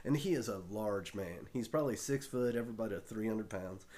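A man's voice: on the low side, fairly quick, dark tone. A man casually telling a long, profane anecdote, often laughing as he talks. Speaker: storyteller on a talk show.

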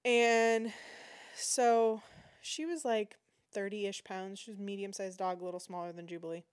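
Animated woman telling a story. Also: mid-range voice, moderate pace, clear, resonant tone. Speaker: podcast host. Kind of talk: casual storytelling.

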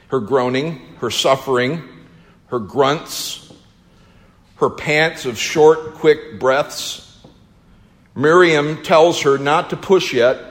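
A man delivering a theatrical first-person monologue, slow and emotional, his voice rising in urgent swells. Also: mid-range voice. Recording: long hall reverb.

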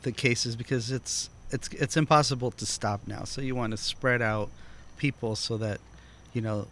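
A man's voice: medium pitch, steady tone, normal speed, a bit bright. A man hosting a casual chat, explaining at length with hesitant restarts.

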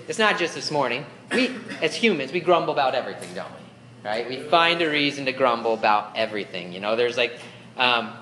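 A man's voice: on the high side, expressive, fairly quick, background noise. Young male youth pastor, chatty sermon delivery, roomy echo. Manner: casual, conversational preaching with fillers; acts out whiny grumbling voices. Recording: echoey room with faint ambience.

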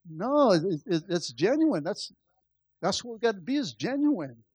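A man's voice: sits high, big pitch swings, moderate pace, breathy edge, no room sound. A man pastor preaching a conversational sermon, calling out to the church and building to impassioned stretches. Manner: impassioned, rising in volume.

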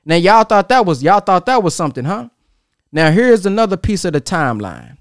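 A man hosting a podcast, talking straight to his viewers in an animated, preacherly way. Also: high-pitched, brisk, no room sound, clean studio sound. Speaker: podcast host. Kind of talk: casual monologue to viewers.

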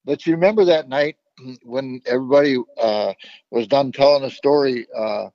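A man who founded a nonprofit speaks in a relaxed, halting way, often pausing on "uh". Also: mid-range voice, no room sound. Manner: relaxed, hesitant, with frequent uh fillers. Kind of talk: casual conversation. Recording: dry, dull lo-fi sound.

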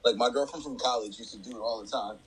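A man's voice: medium pitch, fast talker, a bit bright, slightly rough, poor audio. A young man co-hosting a podcast in casual, playful chat. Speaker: podcast co-host.

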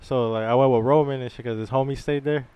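A man with a smooth, resonant voice, telling a story during a podcast chat with friends. He talks in a loose, profane, street-slang way. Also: mid-range voice, steady tone, quick pace, a little mellow, dry recording. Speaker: podcast co-host. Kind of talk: casual storytelling among friends.

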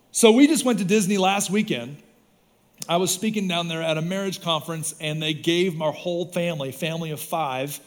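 A man preaching a sermon as pastor, in a casual, animated storytelling way, with lots of "like" and "right?". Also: high voice. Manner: animated storytelling with voiced quotes; casual, says "like" and "right?" often.

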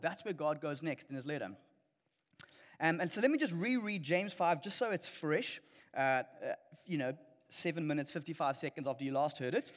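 A man's voice: fairly high pitch, animated, moderate pace. Earnest man preaching in a reverberant hall. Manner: earnest, emphatic, with frequent restarts. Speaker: pastor. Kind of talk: sermon.

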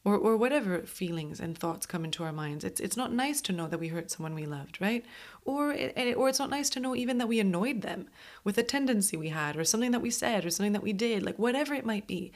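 A woman's voice: medium pitch, expressive, fast. A woman hosting a podcast, talking casually about mindfulness, laughing often and acting out inner voices, with many restarts. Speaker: podcast host.

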